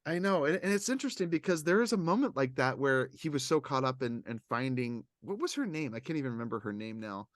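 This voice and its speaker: A man's voice: medium pitch, fast, hardly any pauses, no room sound. Guy co-hosting a chat, rambles a lot, does little voices for people, dry sound. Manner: animated, rambling, acts out others' lines. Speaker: podcast co-host. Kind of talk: casual chat.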